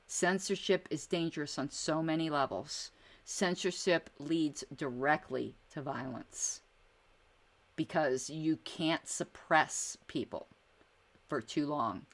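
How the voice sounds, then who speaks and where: A middle-aged woman hosts a podcast and talks in a low, casual voice. She is outspoken and blunt, swears mildly, and often restarts her sentences as she answers viewer chat. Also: takes it slowly. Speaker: podcast host.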